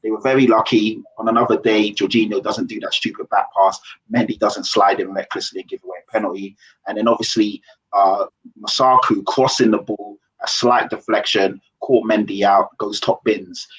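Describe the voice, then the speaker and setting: Husky-voiced guy talking football. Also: lowish voice, steady tone, normal speed, fairly bright tone, poor audio. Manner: bantering, self-mocking. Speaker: football pundit. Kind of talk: casual football chat.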